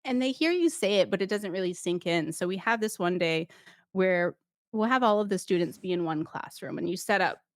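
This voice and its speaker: A woman guest, a former paramedic, talking casually in an interview, telling lively stories with acted-out voices and frequent laughs. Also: fairly low pitch, brisk, no room sound, clean studio sound. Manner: animated storyteller who acts out voices and laughs often.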